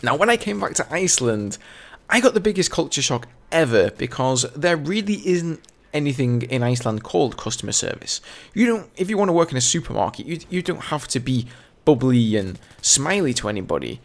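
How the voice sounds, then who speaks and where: A young Englishman with an English accent hosts a gaming channel and tells a casual story in a chatty, rambling way, full of "you know". His medium-pitched voice is gravelly and fairly quick, with big pitch swings.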